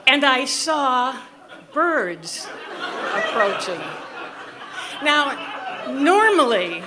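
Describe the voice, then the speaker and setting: Slow, clearly enunciating older woman storyteller. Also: sits high, a crowd in the background, noisy background. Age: 60s. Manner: animated, enunciating, comic timing. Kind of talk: live storytelling.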